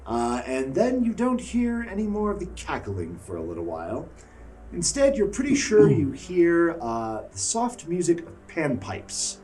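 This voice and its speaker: A man's voice: a little high, wildly swooping pitch, unhurried, mellow, far from the mic, soft background music. A man running a tabletop game as game master, narrating with a laugh.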